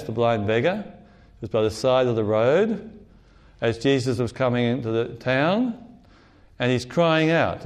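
A man preaching a sermon in a church sanctuary, speaking earnestly and acting out the cries of gospel figures. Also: mid-range voice.

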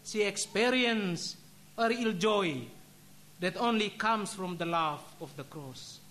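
Man with a high voice preaching slow and solemn, a brother sharing a story in a sermon. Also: fairly bright tone, a little hiss or hum. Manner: solemn, deliberate, measured delivery. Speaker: religious brother giving a reflection. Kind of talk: sermon with a personal story and a closing prayer.

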